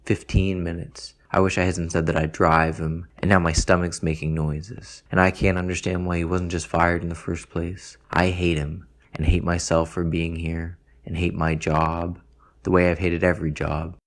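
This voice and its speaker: A man reads a first-person story in a dry, deadpan way, unbothered even by crude details. His voice sits very low and keeps a flat, level line. The delivery stays unhurried and even. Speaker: narrator. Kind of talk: first-person literary narration.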